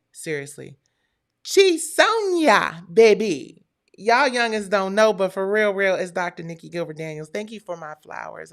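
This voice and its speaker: A woman's voice: low-pitched, creaky, a bit bright. A woman hosting a live stream, chatting casually and talking straight to her viewers.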